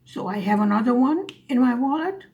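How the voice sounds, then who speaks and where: A woman's voice: fairly high pitch, animated, brisk, lo-fi sound. A woman vlogger telling a story in a dry, sarcastic way as she chats over her craft. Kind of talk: casual storytelling while diamond painting.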